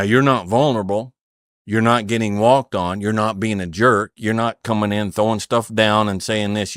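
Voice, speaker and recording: A middle-aged man with a deep voice appears as a podcast guest, sharing stories and advice about family and faith. He speaks earnestly, almost preaching, and repeats phrases for emphasis. The recording is dry and studio-clean.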